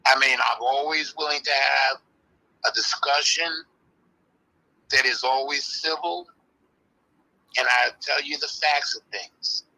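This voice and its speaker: An older man, calmly and firmly explaining history as an interview guest. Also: medium pitch, gravelly, rough recording. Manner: firm, measured, explaining insistently. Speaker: interview guest, early hip-hop practitioner. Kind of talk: live online interview.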